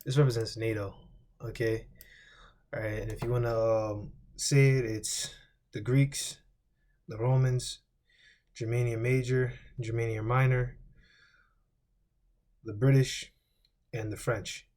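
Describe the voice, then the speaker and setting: A man's voice: mid-range voice, little pitch movement, slow pace, pauses often, a little mellow. A man teaching a Bible lesson in a loose, rambling way, swearing casually and repeating lists as he recalls them. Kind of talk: informal scripture lesson.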